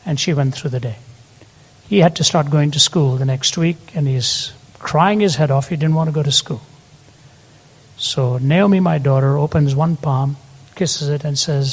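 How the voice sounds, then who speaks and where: A man's voice: on the high side, normal speed, darkish tone. An older man preaching a sermon, telling stories earnestly and building to emphatic peaks. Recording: long hall reverb.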